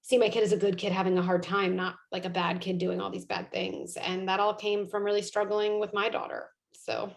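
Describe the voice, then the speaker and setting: Reflective woman with a flat, gravelly voice. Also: medium pitch, fairly quick, hardly any pauses. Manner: reflective, thinking aloud with many fillers. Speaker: guest, parenting psychologist. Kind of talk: conversational interview.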